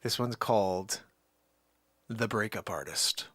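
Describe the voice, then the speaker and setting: A man's voice: fairly low pitch, slow, a bit bright, a little hiss or hum. A man hosting his own comedy show, chatting casually and rambling cheerfully. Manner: rambling, upbeat, laughing. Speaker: host. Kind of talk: casual chat.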